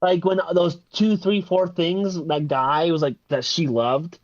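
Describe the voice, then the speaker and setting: A man co-hosting a casual film review podcast, talking haltingly, repeating words and laughing often. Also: fairly high pitch, steady tone, no room sound. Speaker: podcast co-host. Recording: dull lo-fi dry sound.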